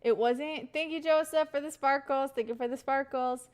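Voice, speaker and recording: A woman's voice: high voice, fairly even intonation, normal speed. A young woman livestreaming, rambling casually to her chat with frequent laughs. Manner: chatty, rambling, laughs often, talks to chat.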